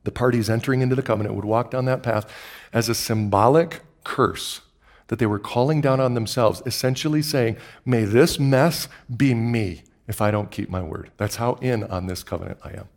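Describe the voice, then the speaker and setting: A man preaches from the pulpit in a voice of middle pitch. He moves between quiet, slowed-down reading and loud, excited passages, often repeating words for emphasis. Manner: dramatic swings from hushed to loud and excited. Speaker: pastor. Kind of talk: sermon.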